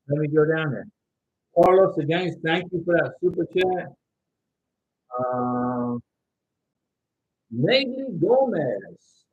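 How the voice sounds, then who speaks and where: Loud, animated man hosting a livestream. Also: high voice, husky, dry recording, highs cut off. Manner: loud, animated, at times yelling. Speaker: livestream host giving visa advice. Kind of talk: casual livestream chat reading viewer comments. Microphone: home microphone with interference noted by viewers.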